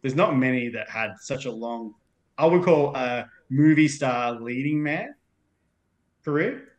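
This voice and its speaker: Animated Australian man rambling about films. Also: mid-range voice, a little slow, muffled recording. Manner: rambling, leans on "like" a lot. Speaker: podcast guest. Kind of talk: casual film discussion.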